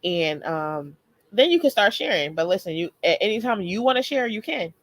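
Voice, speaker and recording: A woman's voice: mid-range voice, animated, moderate pace. A woman in her thirties hosting a live motivational stream, talking casually and often laughing as she greets viewers. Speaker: host.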